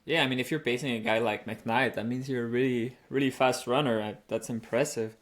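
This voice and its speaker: Halting man hosting a podcast. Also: mid-range voice, steady tone. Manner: hesitant, halting with restarts. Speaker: podcast host. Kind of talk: casual interview.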